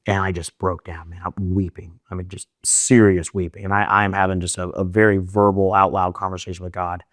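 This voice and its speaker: Young guy, lowish voice, talks super fast with lots of "you know" and restarts. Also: level tone, fairly bright tone, no room sound, studio quality. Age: young adult. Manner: fast, run-on talk with many fillers and restarts. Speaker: interview guest. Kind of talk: candid interview storytelling.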